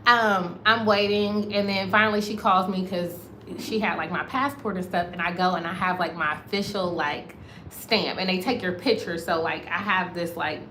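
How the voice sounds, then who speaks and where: An American woman vlogging, telling a story to her viewers in a casual, animated way and calling them y'all. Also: fairly low pitch, moderate pace, slight background noise. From United States. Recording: roomy echo, faint ambience.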